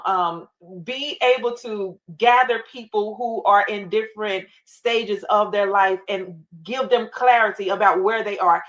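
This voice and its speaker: Woman, talk show guest, faith testimony, emphatic storytelling, medium-pitched voice. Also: low-quality recording. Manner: emphatic, animated retelling with prayerful quotes. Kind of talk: faith-based interview storytelling.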